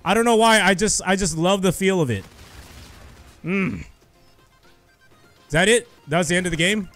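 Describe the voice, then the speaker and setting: A man's voice: high voice, a little slow, soft background music. Hyped young man doing game commentary. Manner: hyped, excitable, shouting at kills. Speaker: gaming youtuber. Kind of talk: live gameplay commentary.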